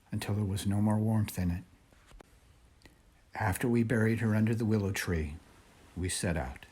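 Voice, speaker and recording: A man reading a children's storybook aloud in a measured, expressive way. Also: on the low side, breathy edge. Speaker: reader.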